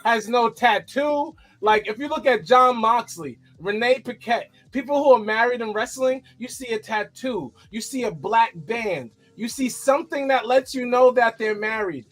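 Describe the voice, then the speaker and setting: A man co-hosting a casual podcast, his voice sitting notably high. He teases his co-hosts and keeps the banter animated. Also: normal speed, hardly any pauses. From New York. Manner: teasing, animated, laughs often. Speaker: podcast co-host.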